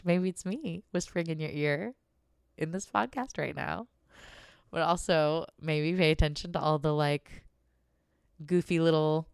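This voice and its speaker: A woman's voice: low-pitched, clean tone, no echo. A young adult woman hosting a podcast, rambling playfully in casual solo chat and giggling between thoughts, close on the mic. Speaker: podcast host.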